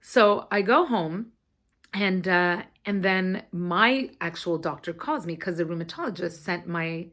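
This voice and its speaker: A woman in her thirties talks straight to camera, telling a long personal story in an animated, chatty way and swearing now and then. Her voice sits a little low for a woman. She sounds like she is sitting at home, recorded on her camera mic. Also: unhurried. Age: 30s. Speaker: vlogger.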